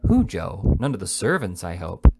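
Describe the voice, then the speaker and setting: A man voicing a precise, timid old woman with a shrill, quavering voice. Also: big pitch swings, normal speed, a little mellow, a little hiss or hum. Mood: alarmed.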